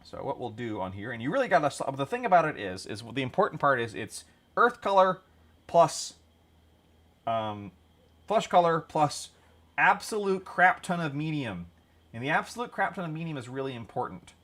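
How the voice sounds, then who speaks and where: A man's voice: on the high side, very animated, moderate pace, a bit bright. A man hosting a hobby stream, chatting casually and rambling with jokes while he paints miniatures. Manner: jokey, rambling, laughs at own jokes.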